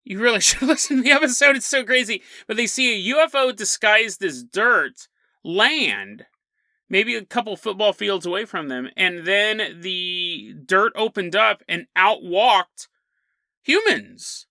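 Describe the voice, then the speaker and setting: Animated, bright-voiced male podcast host. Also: high-pitched, measured pace, no room sound. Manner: chatty, animated storytelling with frequent laughs. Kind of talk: casual solo podcast monologue.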